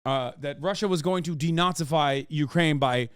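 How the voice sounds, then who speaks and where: Sharp-voiced man ranting hard. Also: a little high, moderate pace, clean tone, dry recording, clean studio sound. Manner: profane, exasperated, mocks others in put-on voices. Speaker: streamer reacting to a video. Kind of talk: heated livestream rant.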